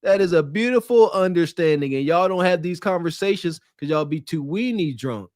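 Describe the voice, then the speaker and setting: Podcast co-host, man, high voice, mocking and preachy. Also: lively intonation, normal speed, a little mellow, dry recording, clean studio sound. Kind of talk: casual commentary.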